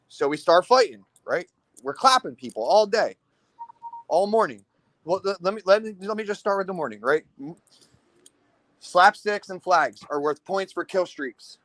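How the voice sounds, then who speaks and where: A man casually telling a paintball story on a podcast, animated and profane, asking "right?" again and again and acting out other people's lines. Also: sits high, no echo. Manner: acts out other people's lines in quick bursts. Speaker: paintball team commander.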